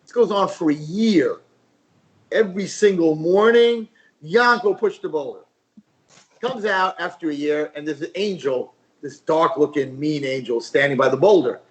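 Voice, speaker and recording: A man, a rabbi, telling a parable as a guest on a talk show, lively and repetitive. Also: fairly high pitch, moderate pace, lo-fi sound. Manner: animated storyteller, repeats phrases.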